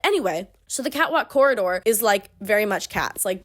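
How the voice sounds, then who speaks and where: A woman's voice: mid-range voice, animated, brisk, few pauses. Woman, young adult, sarcastic, chatty, says "like" a lot, casual recap, close mic. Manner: sarcastic, chatty, heavy use of "like". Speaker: book club channel host. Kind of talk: casual comedic book recap.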